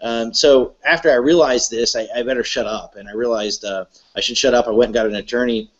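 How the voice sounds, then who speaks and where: A man, a guest speaker, telling a personal story to an audience in a halting way full of fillers and restarts. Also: medium pitch, fairly even intonation, lo-fi sound.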